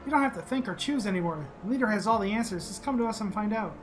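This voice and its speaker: A zealous cult preacher, read out by a gamer in a raised, slightly louder voice. Clear game music plays behind the mid-pitched delivery. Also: animated, fast, close to an everyday voice. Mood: preachy.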